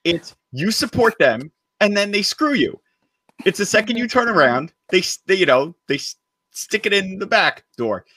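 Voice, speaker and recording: A man's voice: high voice, sing-song, normal speed, bright, forceful tone, no echo. A man co-hosting a political talk show, speaking emphatically and with indignation, throwing in sarcastic jabs. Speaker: co-host.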